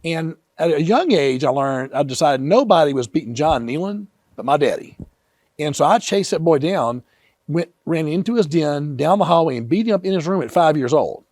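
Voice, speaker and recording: A man in his fifties, an author telling personal stories in an earnest, animated way. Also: a little high, normal speed, no room sound, studio quality. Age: 50s. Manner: animated, earnest, vivid retelling. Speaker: author and guest. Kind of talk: emotional personal storytelling.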